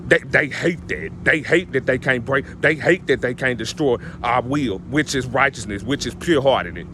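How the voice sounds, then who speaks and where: A man's voice: mid-range voice, moderate pace, noisy background. A man giving casual motivational advice, emphatic and preachy, often repeating his stock phrases. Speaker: vlogger giving life advice.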